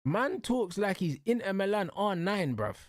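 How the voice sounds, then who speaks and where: A young man rants about football as a show host, circling back to the same points with heat. His voice sits slightly high. The sound is dry and close, with no room around it. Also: sing-song, normal speed, no room sound. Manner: heated, repetitive, slangy ranting. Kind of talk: casual football rant.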